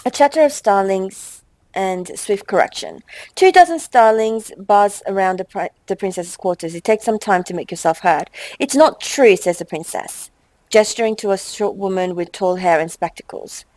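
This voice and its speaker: A young woman hosting a game let's play, chatting with quick exasperated asides and reading game text aloud. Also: medium pitch, darkish tone, dry recording, low-quality recording.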